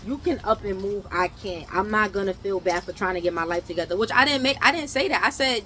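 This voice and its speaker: A young woman from New York telling a casual storytime, animated, with loud outbursts and mumbled asides. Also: mid-range voice, racing, slight background noise, rough recording.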